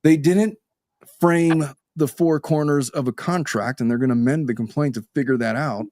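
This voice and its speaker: A man's voice: a little high, fairly even intonation, normal speed, darkish tone, dry recording, clean studio sound. A man hosting a legal podcast, talking conversationally and repeating words as he starts sentences. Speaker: podcast host.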